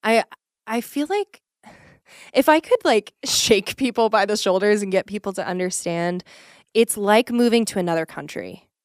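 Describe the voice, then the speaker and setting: Earnest young woman with a smooth voice. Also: mid-range voice, normal speed, dry recording, clean studio sound. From Texas. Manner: earnest and animated, many ums. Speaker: ministry executive director, guest. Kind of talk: casual podcast interview.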